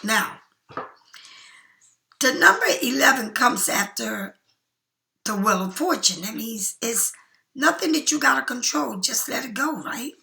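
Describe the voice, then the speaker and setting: A middle-aged woman giving a casual tarot reading, chatty and emphatic, sometimes slowing into soft whispers. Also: fairly high pitch, expressive, vocal fry. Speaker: tarot card reader.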